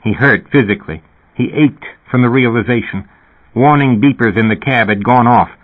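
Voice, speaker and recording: A man reading science fiction as an audiobook narrator in a steady, even storytelling manner, over a phone-like narrow sound. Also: mid-range voice, moderate pace, breathy edge.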